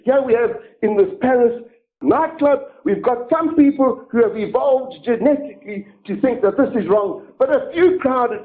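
A middle-aged man preaching a sermon in a sarcastic, mocking, theatrical way. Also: very high voice. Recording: narrow tinny phone-like sound.

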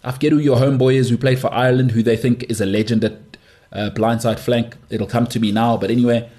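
A man's voice: medium pitch, steady tone, fast talker, warm tone. Emphatic man ranting on sport. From South Africa. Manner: emphatic, dismissive, repeats phrases for effect. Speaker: podcast host. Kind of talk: opinionated solo sports talk.

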